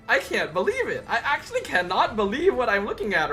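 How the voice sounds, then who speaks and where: A game streamer reviewing patch notes live, chatty and excitable, breaking into loud exclamations. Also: mid-range voice, brisk, hardly any pauses, soft background music.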